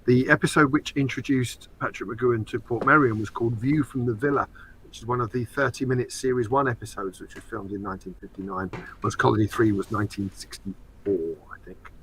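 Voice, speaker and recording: A man's voice: medium pitch, fairly even intonation, a little fast, fairly bright tone, slight background noise, low-quality recording. A man from England co-hosting a casual podcast chat, teasing and explaining at length. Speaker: co-host and show expert.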